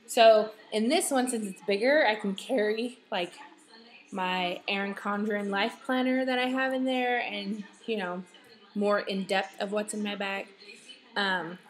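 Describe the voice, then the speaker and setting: A woman's voice: mid-range voice, fairly even intonation, unhurried. Chatty rambling woman vlogger. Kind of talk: casual monthly favorites vlog.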